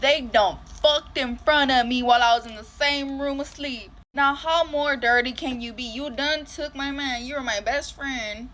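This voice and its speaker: A woman's voice: sits high, normal speed, hardly any pauses, fairly bright tone, slight background noise. A woman telling a dramatic storytime while getting ready, full of slang and swearing.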